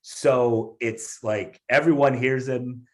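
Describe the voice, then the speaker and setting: A male comedian appears as a podcast guest, telling a story slowly in a medium-pitched voice. His delivery is casual and animated, packed with fillers and restarts.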